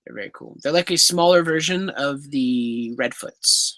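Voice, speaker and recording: A young man in his twenties hosts a relaxed livestream, reading viewer questions and answering in a chatty, quick-to-apologize way. His voice is bright and forward, and the sound is dry and close with no room around it. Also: fairly high pitch, no room sound. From Canada. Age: 20s. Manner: chatty, apologetic, easily laughing. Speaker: livestream host. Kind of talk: casual livestream Q&A, reading chat aloud.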